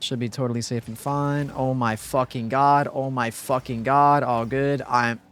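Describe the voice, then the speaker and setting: Unhurried and mid-range in pitch, a young man streams a game live, talking casually to his chat and teammate. His calm mutters give way to frustrated outbursts, and a slight hiss or hum is audible.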